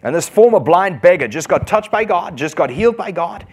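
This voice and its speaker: Animated male preacher with a lively voice. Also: high voice, husky. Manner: animated, asks the congregation questions, quick bursts. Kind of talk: sermon.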